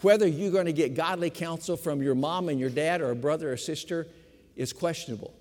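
An older man, a pastor of fifty years, preaching a sermon with emphatic repetition, slowing for stress and speeding through asides. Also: fairly high pitch, darkish tone. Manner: emphatic preaching, repeats key phrases, shifts between slow stress and quick asides. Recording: long hall reverb.

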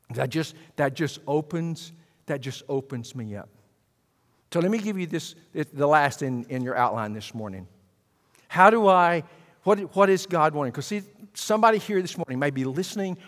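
A man preaches a sermon, talking to the congregation in a conversational way and moving from quiet asides to loud bursts. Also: a little high, big-room sound. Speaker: pastor.

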